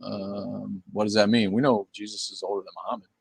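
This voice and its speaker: A middle-aged man hosts a casual livestream, answering chat comments in a blunt, swearing, rambling way. His voice sits a little low, and the sound is dry and close, with no room echo. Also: little pitch movement, fairly quick, vocal fry, slightly rough. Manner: blunt, profane, rambling with many fillers. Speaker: livestream host.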